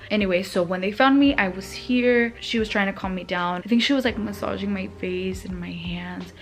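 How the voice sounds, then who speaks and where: Young woman telling a story, filler-heavy. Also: mid-range voice. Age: young adult. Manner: fast, emotional retelling with many fillers. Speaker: vlogger. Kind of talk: storytime vlog. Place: seated on the floor of her home.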